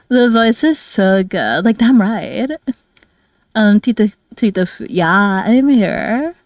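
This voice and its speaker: Speaking slowly in a mid-range voice with a darkish tone, a young female streamer and artist chats casually as she draws. She comes across bubbly and giggly, peppering her talk with "like" and "oh my God." The studio-quality audio has no room sound.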